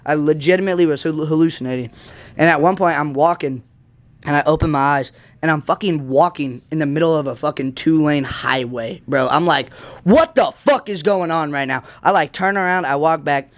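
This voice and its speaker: Fast-talking young man telling a story. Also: a little high. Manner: rambling, animated storytelling full of slang and fillers; dramatic retelling with acted quotes. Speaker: podcast guest. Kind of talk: casual storytelling.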